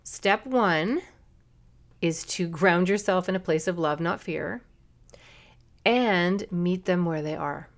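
Middle-aged woman doing a solo parenting podcast, kinda low and gravelly, earnest coaching vibe. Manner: earnest coaching tone, quick asides.

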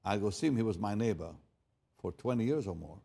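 A husky, fairly low-voiced older pastor with vocal fry tells a sermon story briskly and expressively. He alternates between hushed remarks and loud emphatic lines, repeating words often along the way.

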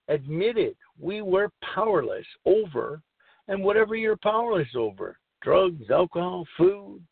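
A man's voice: sits high, creaky, husky, dry recording. A middle-aged man hosting a recovery talk show, speaking in a rambling, earnest way and repeating himself. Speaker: podcast host. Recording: tinny phone-like line.

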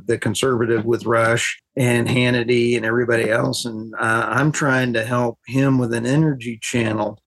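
A podcast host, a woman, talking in an excitable, rambling way and getting worked up. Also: rumbling low. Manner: excitable, rambling, laughs often. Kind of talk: casual podcast chat.

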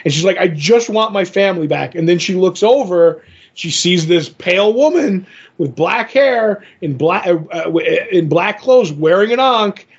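A man co-hosts a casual comic book podcast, wandering through his thoughts as he retells scenes and slips into quoted voices. His voice sits a little high. The audio is muffled and lo-fi. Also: lively intonation, unhurried, breathy edge. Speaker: podcast co-host.

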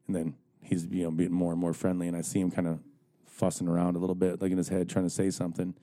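A man's voice: deep voice, monotone, fast talker, warm tone. A middle-aged man telling stories in casual chat among friends, swearing freely, rambling, and laughing at his own jokes.

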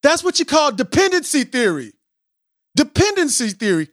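A man hosting a podcast in a casual, animated way, mocking himself as he tries to rap and then explaining with preacherly emphasis. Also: very high-pitched, fairly quick, no echo, clean studio sound. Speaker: podcast host. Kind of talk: casual podcast intro with attempts at rapping.

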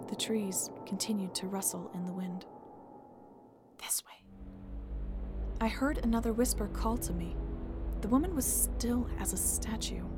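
A woman telling a first-person story in a calm, measured narration. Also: mid-range voice. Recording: music bed under the voice.

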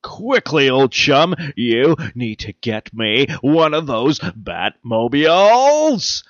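A man putting on the voice of a campy, pompous 1960s TV superhero, speaking slowly with halting, overly grand phrasing. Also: mid-range voice, big pitch swings, highs cut off.

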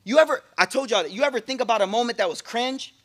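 High-voiced guy preaching in a room, bright voice, jokey and slangy. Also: quick pace. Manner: energetic, joking, casual street slang. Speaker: sheikh giving a talk. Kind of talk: lively sermon to a class. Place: room with a listening audience.

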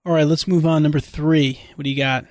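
A man's voice: fairly high pitch, steady tone, a little fast, darkish tone, no room sound, clean studio sound. A man hosting a podcast interview, upbeat and moving the conversation along. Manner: upbeat, moves the list along. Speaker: podcast host.

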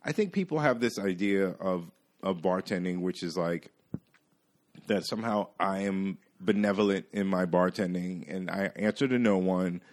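A man telling a bartending story in casual chat, animated and acting out the people he quotes. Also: low-pitched, moderate pace.

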